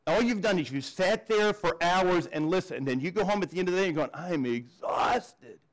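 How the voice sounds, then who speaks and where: Male pastor preaching, conversational, fairly high-pitched, restarts sentences, asks the room questions. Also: quick pace, rough recording. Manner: conversational, repeats words when starting sentences, asks the audience questions. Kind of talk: sermon. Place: church.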